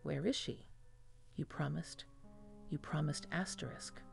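A woman voicing a hoarse, desperate undead male cadaver who mutters and pleads. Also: deep voice, measured pace, soft background music, exaggerated voice. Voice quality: hoarse, husky.

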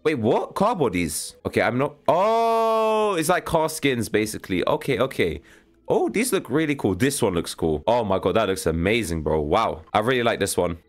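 A young man giving casual, excitable commentary as he reacts to a video game, with a slangy, chatty way of talking. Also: medium pitch, normal speed. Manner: casual, excitable, slangy, says "bro" a lot. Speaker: gaming channel host.

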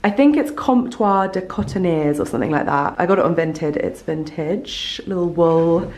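A woman's voice: fairly low pitch, normal speed, a little mellow, low-quality recording. A young woman, chatting casually to the camera in a rambling, talkative vlog style. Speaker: vlogger.

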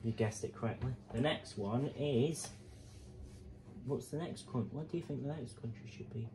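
A man's voice: medium pitch, normal speed, mellow, a little hiss or hum. Chatty man hosting a guessing vlog. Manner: chatty, counts down aloud. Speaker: vlog host. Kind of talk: vlog narration running a guessing game.

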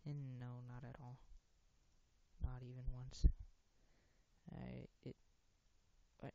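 A casual let's-play host who rambles, cuts off their own sentences and gets excited in tense moments. The voice has a gravelly fry and a warm, dark tone. It comes through a dull, lo-fi home mic. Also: mid-range voice, slow pace, long pauses. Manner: rambling, self-interrupting, easily excited. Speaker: gaming video host.

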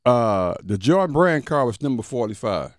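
A man's voice: mid-range voice, very animated, normal speed, no room sound. A man co-hosting a sports radio show, teasing and sarcastic, on a close studio mic. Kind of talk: casual sports radio banter.

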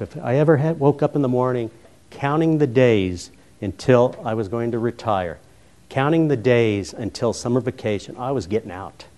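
A middle-aged man from Colorado gives a keynote speech on a roving handheld mic, his voice sitting at an ordinary pitch for a man. He tells funny stories, plays out both sides of each conversation, and then turns earnest when he talks about his years as a school principal. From Colorado, USA. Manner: humorous, animated storyteller who acts out dialogue. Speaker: keynote speaker, former high school principal. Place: conference hall.

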